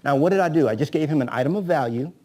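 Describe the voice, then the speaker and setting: A man teaching a live room of agents, always checking in with a quick "right?" and slipping into role-played conversations with sellers. His voice sits a little high and sounds warm and mellow rather than bright. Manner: rhetorical, keeps asking "right?"; acts out agent-seller dialogues. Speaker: real estate coach.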